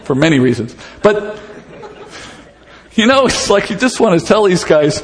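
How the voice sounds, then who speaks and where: A man teaching verse by verse from the Bible, conversational and animated, acting out the dialogue with humor. His voice sits a little high. It rings with the long reverb of a large hall. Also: moderate pace, long pauses, some chatter behind.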